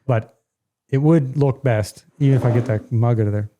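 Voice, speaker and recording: A man's voice: mid-range voice, normal speed, dark tone. A middle-aged man hosting a casual podcast from home, blunt and ranting, with a joking streak. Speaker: podcast host.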